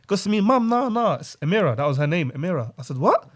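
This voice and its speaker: A man's voice: high-pitched, fast talker. A young man, a podcast co-host telling a personal story in casual chat, full of slang and acted-out quotes. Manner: animated storytelling with London slang, acting out quotes.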